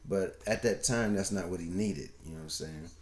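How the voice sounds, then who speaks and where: A man's voice: low voice, a little fast, a little mellow, slight background noise. Middle-aged man telling stories in an echoey room. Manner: rambling storyteller, acts out quoted voices. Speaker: podcast co-host, father. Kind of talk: casual storytelling chat. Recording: roomy echo.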